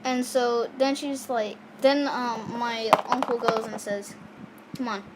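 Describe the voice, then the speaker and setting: A woman's voice: fairly high pitch, steady tone, slow pace, heavy background noise. A girl casually telling a personal story in a rambling way, with many fillers and restarts.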